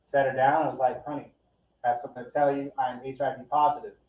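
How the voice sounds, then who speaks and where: Deadpan, profane comedian man. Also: medium pitch, fast talker. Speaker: stand-up comedian. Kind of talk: stand-up set. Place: live comedy event. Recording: echoey, distant, dull live recording.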